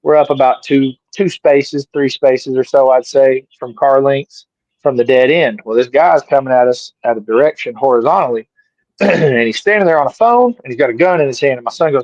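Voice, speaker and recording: A man's voice: medium pitch, fairly quick, a little mellow, dry recording. A middle-aged man, an interview guest, casually telling a story and animatedly acting out his own lines. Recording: dry, slightly dull sound.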